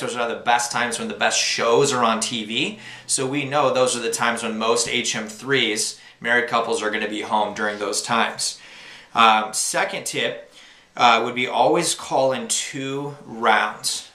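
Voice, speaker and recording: A man's voice: medium pitch, bright, forceful tone, echoey room. A young man giving casual, upbeat tips to new sales reps, with lots of fillers. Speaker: sales trainer. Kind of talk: instructional talk to new reps.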